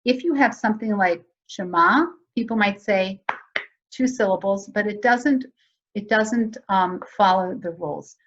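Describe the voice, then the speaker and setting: Woman presenter, mid-pitched, walks teachers through a method on a slightly muffled video call. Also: a little slow. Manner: conversational, explanatory, asks audience questions. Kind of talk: virtual teacher training webinar.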